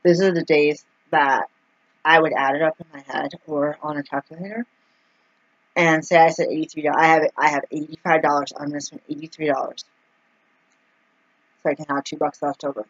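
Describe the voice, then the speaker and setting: A woman's voice: low voice, fairly even intonation, normal speed, dry recording, lo-fi sound. A woman telling a personal story in a casual vlog, chatty and full of fillers, acting out the people she quotes. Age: adult, mother of two young kids. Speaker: vlogger.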